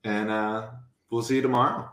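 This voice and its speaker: A man's voice: lowish voice, level tone, normal speed, a bit bright. Chill guy chatting, sounds far from the mic and kinda echoey. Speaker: guest. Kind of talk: casual chat.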